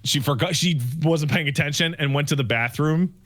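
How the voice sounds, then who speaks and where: A man co-hosting a podcast, telling a story in a casual, animated way and acting out the dialogue himself. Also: on the high side, normal speed, faint music behind. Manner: animated, acts out quoted dialogue. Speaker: podcast co-host.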